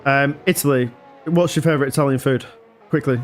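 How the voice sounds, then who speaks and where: A man's voice: medium pitch, fairly even intonation, fairly quick, faint music behind. A man commentating a sim racing league live in a casual, chatty way, often laughing and apologising.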